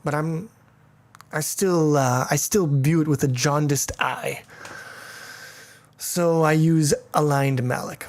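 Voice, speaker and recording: A man's voice: fairly high pitch, takes it slowly, long pauses. A man giving a casual programming tutorial, explaining step by step with irreverent jokes and profane asides. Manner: thinks aloud with fillers and restarts. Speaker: programming teacher.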